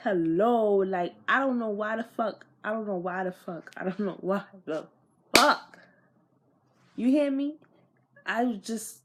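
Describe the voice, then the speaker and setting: A young woman vlogger telling a storytime casually in slang, swearing and getting animated, recorded on an iPod camera. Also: measured pace, slight background noise. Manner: animated, slangy, swears, pitch jumps when riled.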